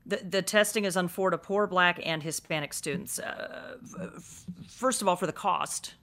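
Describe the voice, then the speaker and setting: A woman co-hosting a talk radio show, briskly reading out headlines and quotes between bits of banter. Her voice sits a bit low. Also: fairly bright tone.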